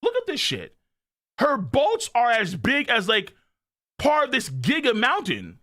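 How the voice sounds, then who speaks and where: A man live-streaming his reaction to viewers, excitable and loud, with frequent outbursts and swearing. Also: extremely high pitch, unhurried. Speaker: streamer reacting to a manga chapter.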